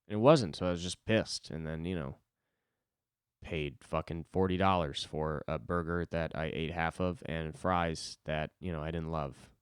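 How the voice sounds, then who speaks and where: A man's voice: a bass voice, fairly even intonation, moderate pace, clean tone, dry recording, clean studio sound. A young man hosting a solo podcast, rambling casually with lots of swearing and self-deprecating asides.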